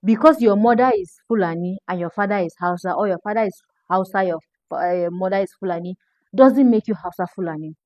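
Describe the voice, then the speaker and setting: A woman's voice: mid-range voice, fairly quick, darkish tone, no room sound. A woman from northern Nigeria with a Nigerian accent, giving emphatic social media commentary and repeating her points.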